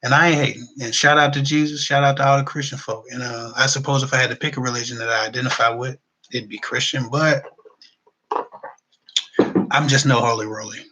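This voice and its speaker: A middle-aged man answers relationship questions on a live stream in a casual, colloquial way, full of fillers. His voice sounds bright and forward. He keeps his pitch fairly level as he talks. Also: steady tone, fairly quick, slight background noise, low-quality recording. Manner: casual and conversational, with frequent fillers and loose colloquial phrasing. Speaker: relationship advice host. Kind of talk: live Q&A chat, reading viewer comments.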